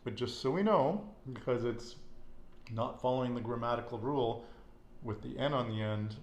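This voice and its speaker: A man with a mid-range voice speaks at a normal pace while teaching a Spanish lesson. He patiently quizzes a student and repeats her answers back to her with encouragement. The room is echoey, with faint background noise.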